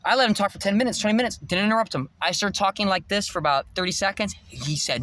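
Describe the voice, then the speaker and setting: A man's voice: high voice, fast, hardly any pauses, pushed and bright. A man vlogging in a rambling, preachy spiritual monologue, intense and swearing freely.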